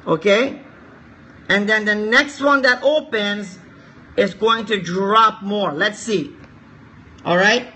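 A man's voice: high voice, slow pace, long pauses, sharp tone, slightly rough. A man streaming live forex chart analysis, coaxing viewers to share and repeating his points.

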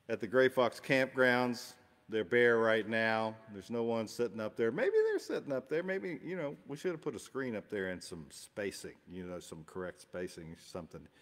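Low-voiced guy rambling easygoing to his livestream crowd, lots of reverb in the room. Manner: easygoing, rambling, self-deprecating. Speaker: musician hosting a livestream concert. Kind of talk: casual chat to an online audience. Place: home studio. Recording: long reverberant room sound.

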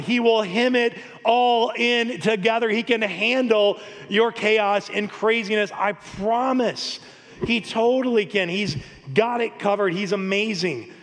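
A pastor preaching a lively, story-filled sermon, often laughing. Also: male voice, sits high. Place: church sanctuary. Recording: long hall reverb.

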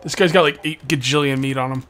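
A man's voice: medium pitch, fairly even intonation, fast talker, a bit bright. A man hosting a gameplay channel, chatting casually and teasing his co-players during a multiplayer session. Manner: joking, teasing banter. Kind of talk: casual multiplayer game chat.

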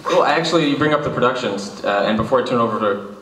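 A man's voice: mid-range voice, expressive, quick pace, fairly bright tone. A man hosting a live film Q&A, asking long, rambling questions full of restarts. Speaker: festival Q&A moderator. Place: cinema hall after a screening. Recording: roomy, distant mic in a theater.

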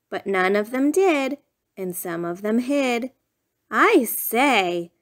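Slow, high-voiced woman reading a storybook. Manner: sing-song, lively bedtime reading with playful raised shouts. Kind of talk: reading a picture book aloud.

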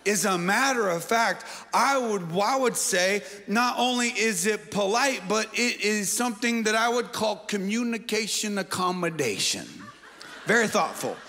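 A man's voice: sits high, lively intonation, unhurried, pushed and bright. A male pastor giving a sermon, joking and quizzing his congregation in a playful way. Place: large church auditorium. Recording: long church-hall reverb.

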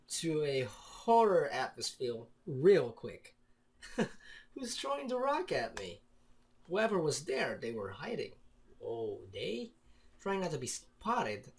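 Playful man reading a visual novel aloud. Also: mid-range voice. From Philippines. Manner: playful, reads dialogue aloud with jokey asides. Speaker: gamer playing a visual novel. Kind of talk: let's play commentary and narration.

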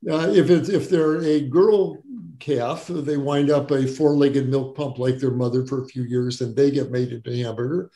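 A man's voice: medium pitch, fairly even intonation, normal speed, dark tone, reverberant. An older man from Wisconsin, a doctor being interviewed, telling his story earnestly and stressing words by repeating them. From Wisconsin, USA. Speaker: guest doctor.

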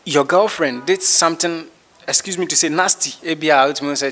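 A man's voice: on the high side, fairly bright tone. A man with a Ghanaian accent hosting a casual discussion, mixing English and Twi with many halts and restarts. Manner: switches between English and Twi, halting. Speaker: host.

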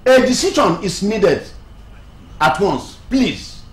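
An actor with a Nigerian accent playing a council elder who questions slowly and sternly. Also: male voice, high voice, big pitch swings, exaggerated voice. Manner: slow, drawn-out questioning.

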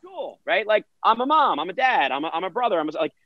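A man's voice: high-pitched, lively intonation, fast, no echo, dull audio. A man who works as a virtual event host, answering interview questions energetically and acting out quotes in other voices.

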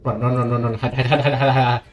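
A young man commentating a horror game he is playing, swearing and swinging between hushed muttering and frantic outbursts. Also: medium pitch, level tone, quick pace. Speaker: gaming channel host.

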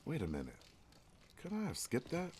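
A man's voice: medium pitch, wildly swooping pitch, normal speed, a little mellow, a little hiss or hum. A man hosting a let's-play, commenting casually with slang and frequent swearing. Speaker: gaming channel host.

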